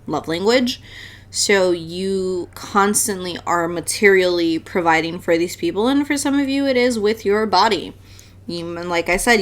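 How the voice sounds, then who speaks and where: A woman's voice: fairly low pitch, fairly bright tone. A woman giving a casual tarot reading to her viewers, chatty and blunt, swearing freely and laughing often. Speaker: tarot reader.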